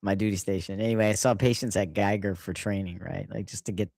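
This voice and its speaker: A man's voice: on the low side, steady tone, fast talker, gravelly, darkish tone, dry recording. A middle-aged man in casual chat, rambling through anecdotes and chuckling often.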